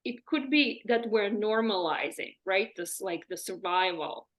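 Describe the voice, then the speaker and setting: A woman's voice: medium pitch, a little slow. A woman hosting an interview, reflecting aloud and asking questions with many fillers. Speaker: podcast host. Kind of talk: conversational interview.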